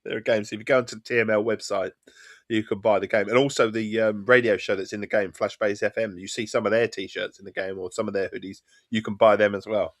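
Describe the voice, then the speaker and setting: A man's voice: lowish voice, steady tone, fast talker. A middle-aged man with an Essex accent, chatting and rambling casually while streaming a game. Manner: rambling, chatty and self-deprecating. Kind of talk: casual chat while gaming.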